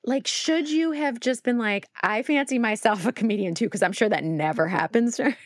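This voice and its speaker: A woman's voice: a little high, dry recording. A woman co-hosting a podcast in casual chat, teasing her co-host and laughing often. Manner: teasing, laughs often, quick back-and-forth.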